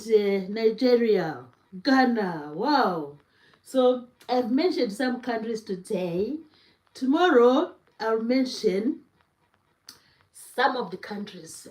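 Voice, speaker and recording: Slow-talking woman in an echoey room. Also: high-pitched. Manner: slow, warm greetings to chat viewers. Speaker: cooking livestream host. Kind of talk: casual livestream chat.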